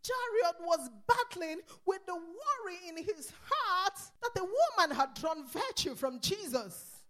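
A woman preaches in a very high, piercing voice. She moves from quiet, intimate passages to fervent shouts. Between phrases she breaks into tongues. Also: big pitch swings, a little slow. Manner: impassioned, swings from hushed to shouting. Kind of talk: sermon.

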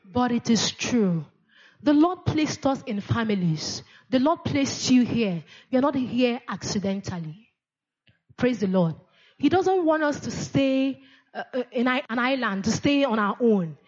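A woman's voice: fairly high pitch, animated, a little slow, a little mellow, muffled recording. A woman preaching a sermon in a church, asking the congregation questions and repeating key words, with frequent amens.

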